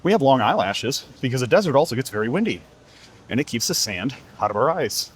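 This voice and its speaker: A man's voice: medium pitch, a little fast, husky. A man voicing a patient mother camel. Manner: calm, explaining.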